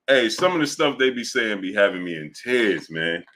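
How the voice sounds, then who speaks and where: Laughing, slangy sports show host, bright voice. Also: male voice, lowish voice, moderate pace, few pauses. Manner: animated, laughs a lot, slangy, repeats himself. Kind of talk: casual livestream chat.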